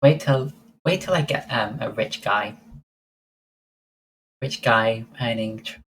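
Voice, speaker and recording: A woman's voice: extremely low pitch, slow pace, slight background noise, poor audio. A woman livestreaming, chatting casually and answering her viewers' messages one by one. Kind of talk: casual chat with live viewers.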